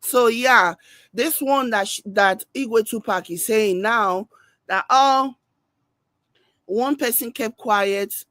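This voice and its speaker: A woman giving animated reaction-video commentary. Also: on the high side, slow pace, no room sound. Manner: animated, mimics people she discusses.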